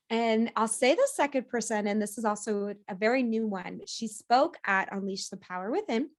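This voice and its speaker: A woman speaking as a podcast guest in a casual interview, animated, laughing easily and often restarting her sentences. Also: mid-range voice.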